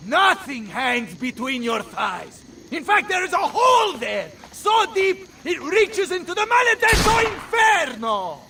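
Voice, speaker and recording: An actor with an Italian accent playing a boisterous, hot-tempered mercenary general in a game, blustering and shouting curses. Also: male voice, sits high, very animated, normal speed, recorded from a distance, noisy background. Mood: furious.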